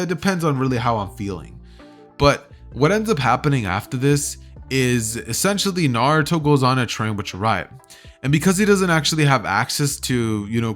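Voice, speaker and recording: A man's voice: mid-range voice, fairly bright tone. A young man casually retelling a fan story as a YouTuber. He rambles and fills his talk with "like" and "you know".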